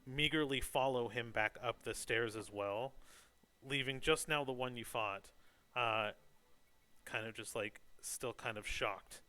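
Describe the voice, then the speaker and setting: A man's voice: medium pitch, measured pace, pushed and bright, no echo. A man narrating a tabletop game as game master, in a loose, descriptive way. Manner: loose, descriptive, lots of "like" and "kind of".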